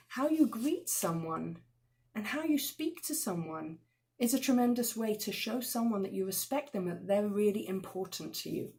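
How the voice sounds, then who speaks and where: A woman teaching a class on respect in marriage and family, lively and expressive, acting out quoted voices with sudden loud bursts. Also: medium pitch.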